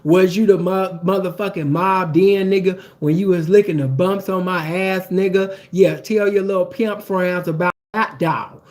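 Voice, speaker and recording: A man's voice: sits high, fairly even intonation, moderate pace, hardly any pauses, darkish tone, natural voice. A man voicing a tall, brash woman who jeers crudely and mockingly at a man. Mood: taunting. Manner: mocking, vulgar, repetitive jeering.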